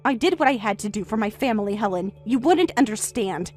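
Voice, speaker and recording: A woman voicing a frantic, defensive middle-aged mother who talks in a shrill, insistent, raised voice over faint music. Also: expressive, a little fast, darkish tone, natural voice.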